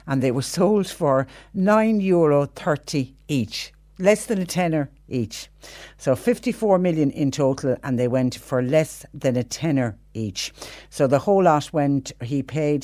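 A woman's voice: sits low, mellow, dry recording. A woman with a Cork accent hosting a radio phone-in, chatty and emphatic. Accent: Irish, Cork. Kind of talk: talk radio chat.

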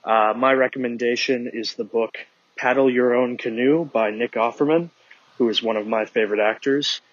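Brief: man from Minnesota, friendly wry listener memo, husky, dull dry phone sound. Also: mid-range voice, steady tone, moderate pace, no room sound. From Minnesota, USA. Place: outdoors with dogs.

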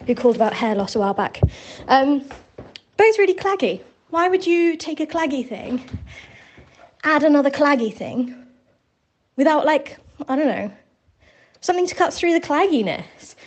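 High-voiced woman leaving a voicemail. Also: darkish tone, slight background noise. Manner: chatty, rambling. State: slightly out of breath. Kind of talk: casual voicemail.

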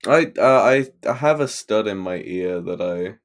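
A man co-hosting a podcast in casual chat, with deadpan teasing. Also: deep voice, normal speed. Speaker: podcast co-host.

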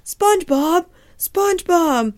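A gruff, greedy old crab boss who talks like a pirate and pleads over money, as a woman puts him on in a raised, strained voice. Cartoon recap impression. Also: very high voice, expressive, takes it slowly, a little mellow, voice pushed up, full character voice. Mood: complaining.

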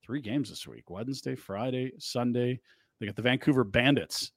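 A man's voice: mid-range voice, normal speed, gravelly, dry recording. A man in his forties hosting a sports radio show in a studio, joking and teasing in casual banter.

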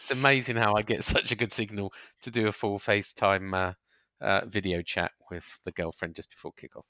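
A man's voice: on the low side, fairly even intonation, brisk, pushed and bright, no echo. A man co-hosting a casual football podcast, dry and deflating in his replies. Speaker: podcast co-host.

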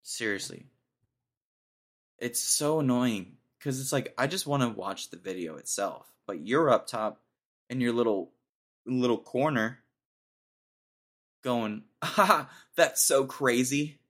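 A man's voice: mid-range voice, animated, takes it slowly, pauses often. A young man hosting a solo podcast, ranting in an exasperated, mocking way and laughing at his own jokes. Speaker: podcast host. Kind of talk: casual solo podcast rant.

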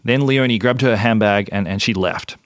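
An Australian man hosting a podcast, telling a story in a relaxed, conversational way with fillers and restarts. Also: on the low side, normal speed, no echo, clean studio sound. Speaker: podcast host. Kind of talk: casual storytelling narration.

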